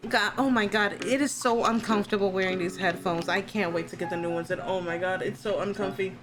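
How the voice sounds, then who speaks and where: A woman streamer chatting casually with her viewers, excitable and squealing, swearing freely. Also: mid-range voice, brisk, over music. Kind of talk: casual live-stream chat.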